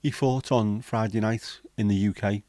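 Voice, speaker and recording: A man with a lowish voice chats on his livestream, reading viewer comments aloud and swearing freely. The sound is dry and close. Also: steady tone, normal speed, dark tone, no room sound. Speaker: livestream host. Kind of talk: casual livestream chat.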